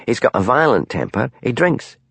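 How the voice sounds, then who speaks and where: A man's voice: mid-range voice, big pitch swings, moderate pace, gravelly, fairly bright tone, slightly rough, no room sound, voice pushed up, exaggerated voice. A man voicing a blunt, crude, hard-drinking male police detective.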